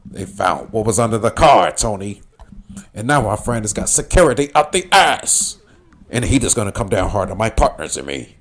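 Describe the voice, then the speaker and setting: A cold, menacing cartel boss, as a man puts him on. The voice sits low with a growl in it. Each line comes slow and threatening. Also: sing-song, a bit bright.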